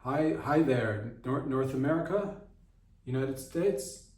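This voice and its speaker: A man voicing a blustering male militant leader bargaining over the phone, with an exaggerated put-on accent, talking slowly and insistently. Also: mid-range voice, lively intonation, darkish tone. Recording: roomy, voice far from mic.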